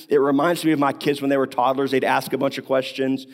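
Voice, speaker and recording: A man's voice: mid-range voice, level tone, quick pace, hardly any pauses. A man preaching a sermon, talking through a Bible passage in a conversational way with rhetorical questions, coughing now and then. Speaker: pastor.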